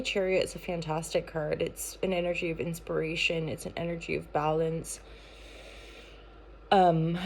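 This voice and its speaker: A woman's voice: fairly low pitch, slight background noise. A woman giving a casual daily tarot reading, talking in a playful, rambling way with many fillers and restarts. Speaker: tarot reader and channel founder.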